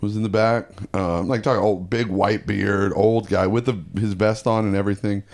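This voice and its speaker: A man's voice: lowish voice, moderate pace. A young man, a comedian, telling stories in a casual chat and acting out the people in them. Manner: animated storyteller acting out quotes. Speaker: comedian guest.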